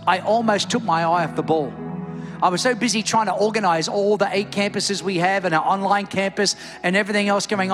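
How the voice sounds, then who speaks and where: A middle-aged man preaching in a church with a notably high voice, fervent and rising toward shouts. Soft music plays faintly underneath. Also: long reverb tail. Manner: impassioned, builds to near-shouts. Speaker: pastor. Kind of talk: sermon with altar call. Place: church service, also streamed online.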